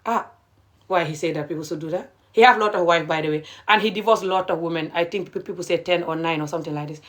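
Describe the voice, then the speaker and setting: A woman's voice: on the low side, quick pace. A middle-aged woman, ranting passionately and indignantly to viewers on a live stream, repeating her points.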